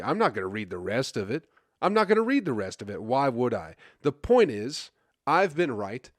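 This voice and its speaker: A man's voice: mid-range voice, no echo, studio quality. A male comedian hosting his own podcast, rambling in a crude, self-mocking casual monologue full of fillers and stumbles. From USA.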